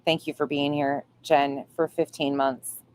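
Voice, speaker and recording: A woman's voice: low voice, little pitch movement, measured pace, darkish tone, slight background noise. A woman hosting a casual livestream, reading viewer comments aloud and swearing playfully. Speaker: livestream host reading chat.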